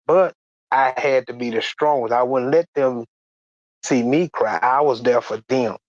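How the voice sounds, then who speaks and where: Plain-spoken man, halting testimony, lo-fi. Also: medium pitch, no room sound. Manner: halting, plain-spoken, repeats words and restarts. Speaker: guest sharing a church testimony. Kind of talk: personal testimony.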